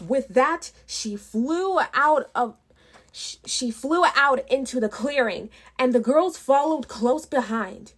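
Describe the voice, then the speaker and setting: A woman reading a children's storybook aloud, unhurried, with small restarts. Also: a little high. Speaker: children's book reader.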